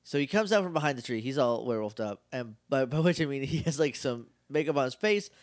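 A man co-hosting a podcast, chatting casually and acting out scenes from an episode in quick bits. He laughs a lot. His voice is mid-pitched and recorded dry and close. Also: animated, no echo. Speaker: podcast co-host. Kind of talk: casual recap chat.

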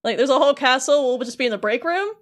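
Wanita pencerita santai bersuara agak tinggi. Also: female voice, sits high, animated. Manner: retells game scenes in quick paraphrased character voices. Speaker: podcast co-host. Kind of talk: casual podcast chat.

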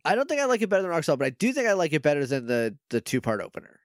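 A podcast co-host with a slightly high, sing-song voice races through a casual chat over a video call, rambling with plenty of fillers and frequent laughter. His remote mic gives clean, studio-quality sound with no echo.

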